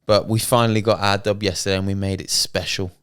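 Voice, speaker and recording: Laid-back young man, smooth voice. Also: lowish voice, level tone, quick pace, a bit bright, no room sound, studio quality. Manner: laid-back banter, swears and laughs often. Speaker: podcast co-host. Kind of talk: casual chat.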